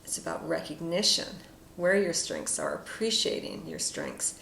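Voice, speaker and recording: Gravelly-voiced woman reading tarot cards. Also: low-pitched, huge pitch swings, normal speed, fairly bright tone. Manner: soothing, reflective, many fillers and asides. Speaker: tarot card reader. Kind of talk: casual spoken tarot reading. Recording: echoey room with faint noise.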